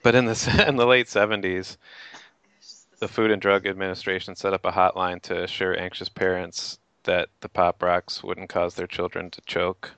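A man's voice: deep voice, little pitch movement, moderate pace, fairly bright tone, clean tone, no room sound. A man co-hosting a podcast in casual chat, rambling a little as he recalls things. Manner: rambling, restarts while recalling. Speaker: podcast co-host.

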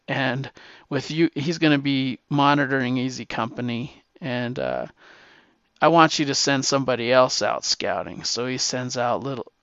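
A man's voice: medium pitch, fairly bright tone, dry recording. A man retelling a war comic's plot in a casual, rambling way, with restarts and profanity. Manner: rambling, with many fillers and restarts. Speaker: guest answering a question. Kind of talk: casual storytelling. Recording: dull, slightly lo-fi dry sound.

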